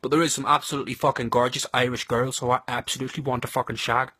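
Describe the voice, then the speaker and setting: A man's voice: medium pitch, flat delivery, very fast, sharp tone, breathy edge, dry recording. A man with a Geordie accent giving a crude, blunt and sardonic comic monologue about his home city. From North East England.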